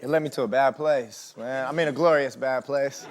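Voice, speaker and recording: A man, a talk show guest, talks in an easygoing, mumbling way and shrugs his story off with laughs. His middle-pitched voice sits under a loud hiss. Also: normal speed. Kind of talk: laid-back talk show chat.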